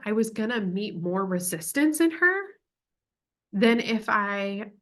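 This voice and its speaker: A young woman who works as a parent educator walks through a parenting lesson in casual teaching talk. Her mid-range, fairly bright voice stays chatty and full of "like" and "um" fillers.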